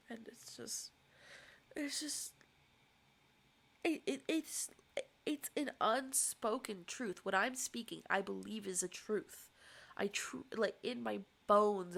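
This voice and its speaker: Young woman, crying and worn out, confessional vlog; lots of vocal fry, stumbling restarts. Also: mid-range voice, fairly bright tone. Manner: halting, searching for words, drops to whispers. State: tearful, exhausted. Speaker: student filmmaker vlogging.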